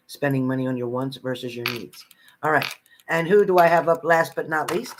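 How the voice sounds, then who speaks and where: Working from home, a psychic reader chats his way through live readings for viewers, calling them by name and repeating himself. He speaks a little fast in a steady, medium-pitched tone over background noise.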